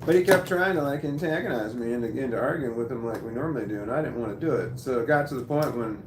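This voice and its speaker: A man's voice: mid-range voice, fast talker. A man hosting a casual livestream, reading chat messages aloud and telling stories with lots of laughter and swearing. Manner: animated storytelling, laughs often, swears. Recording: roomy sound with faint background noise.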